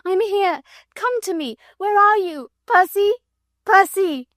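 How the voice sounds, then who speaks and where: A woman's voice: takes it slowly, a bit bright, no room sound, studio quality, heavily acted. Frantic young wife crying out, read by a woman. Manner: hysterical, high-pitched cries. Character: young wife, desperate then overjoyed. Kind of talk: audiobook character reading.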